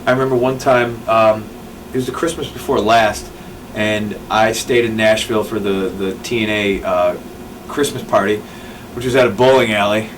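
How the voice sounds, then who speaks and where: A man's voice: fairly low pitch, steady tone, moderate pace. A man, a pro wrestler, telling a rambling casual anecdote in an interview, full of fillers and restarts. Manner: rambling, with fillers and self-corrections. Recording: distant mic with clear background noise.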